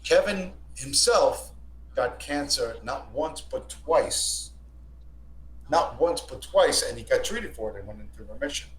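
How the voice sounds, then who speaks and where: With a medium-pitched, slightly bright voice, this man spins a lengthy, profane tale as a guest on a stream, speaking animatedly at a measured pace. He keeps repeating himself and starting over in this casual storytelling. The room is echoey, with a faint hum underneath.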